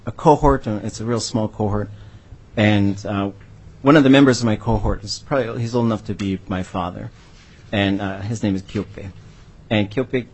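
A man with a husky, somewhat low voice answers on a panel. He speaks as a language educator and tells his story earnestly and from the heart.

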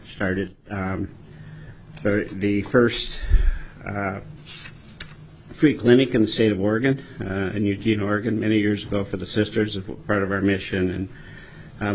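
A man in his sixties with a low voice gives formal testimony at a committee hearing. He is from Michigan and speaks in a measured, self-deprecating way, often pausing on fillers. A faint ambient hum sits behind him. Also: poor audio.

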